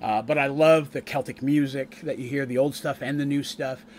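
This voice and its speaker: Medium in pitch with a steady, darkish tone, this man speaks at a moderate pace, with a little hiss or hum audible. An adult who grew up in Canada, is the eldest grandchild, and has a wife, he's a streamer and game master casually rambling through a tabletop campaign recap and repeatedly restarting his sentences.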